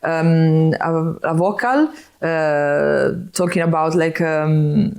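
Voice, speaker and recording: A woman from Sardinia with an Italian accent talks as a guest in a casual interview. Her voice sits somewhat low, and she chats freely, breaking off and restarting and laughing often. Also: slow pace, gravelly, darkish tone. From Sardinia, Italy.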